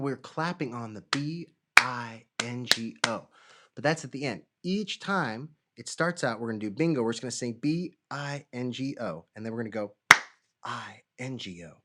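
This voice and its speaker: A man leading a kids' music lesson, singing, clapping and talking to the children in a playful way. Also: medium pitch. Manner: animated, playful, sings and claps along. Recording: loud music behind.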